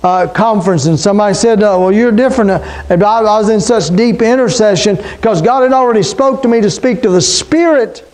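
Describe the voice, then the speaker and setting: Preaching fairly quickly with few pauses, a middle-aged pastor speaks in a high, slightly mellow voice. The sermon feels conversational as he fires off questions and call-outs to the people in front of him.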